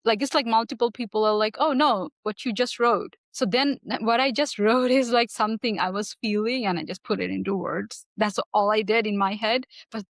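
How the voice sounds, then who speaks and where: A woman talking as a podcast guest, thoughtful and searching for her words, with small soft laughs. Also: mid-range voice, steady tone, a little fast, hardly any pauses, dry recording. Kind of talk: reflective conversation.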